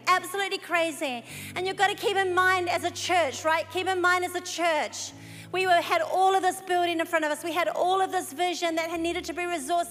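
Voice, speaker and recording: A woman preacher telling a story in a sermon, animated and lively, breaking into excited exclamations. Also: extremely high pitch. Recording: live hall recording with long reverb.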